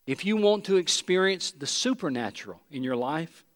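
A man preaches a sermon in a slightly high voice, talking to the church like a conversation. Now and then he slips into imagined prayers. His voice carries a long reverb, as in a large hall. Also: expressive, moderate pace. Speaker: pastor.

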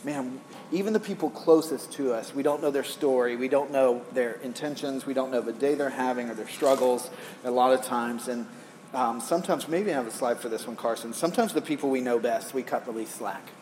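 A middle-aged male pastor preaches in a loose, animated way, spinning personal stories and tossing questions to the room. His stage mic carries a long reverb tail from a large hall. A faint hum of background noise sits underneath. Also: medium pitch, brisk. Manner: animated, storytelling, rhetorical questions to the crowd. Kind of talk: conversational sermon.

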